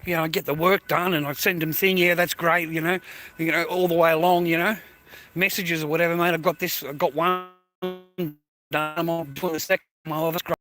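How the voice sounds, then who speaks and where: A man's voice: on the high side, steady tone, brisk, fairly bright tone, faint music behind. Rambling, crude Australian man vlogging. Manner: rambling, crude and chatty, full of fillers like "mate" and "you know". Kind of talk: rambling casual vlog. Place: outdoors, walking through a neighbourhood.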